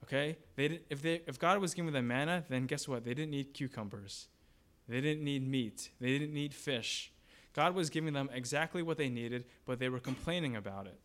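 A man delivers a sermon as a pastor. His voice sits in an ordinary middle pitch, and he talks conversationally, asking his listeners questions as he makes his point. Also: moderate pace, a bit bright. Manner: conversational, asks the congregation questions and acts out grumbling voices.

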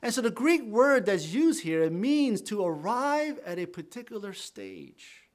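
Lively high-voiced male preacher. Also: measured pace. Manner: animated preaching with big swings in loudness, dropping to near-quiet at phrase ends; conversational asides to the congregation. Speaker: pastor. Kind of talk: sermon.

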